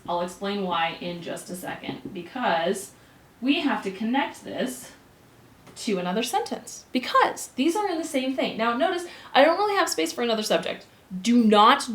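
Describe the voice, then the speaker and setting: A woman teaching a grammar lesson with upbeat, animated energy and quick bursts of excitement. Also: a little high. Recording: echoey room.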